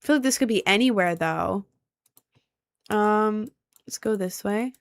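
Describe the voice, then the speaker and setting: A woman's voice: mid-range voice, a little slow, no room sound. A young woman streaming a map-guessing game, thinking aloud and asking her chat for help in casual gameplay commentary.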